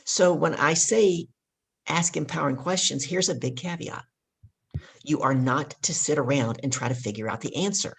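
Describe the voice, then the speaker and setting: Woman, leadership coach, husky, emphatic, teaching stories. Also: low-pitched, normal speed. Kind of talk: casual interview talk.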